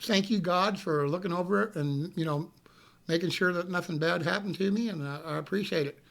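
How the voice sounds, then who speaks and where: A man telling a story casually on a live stream, animated, swearing freely and laughing as he goes. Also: sits high, fairly quick, gravelly.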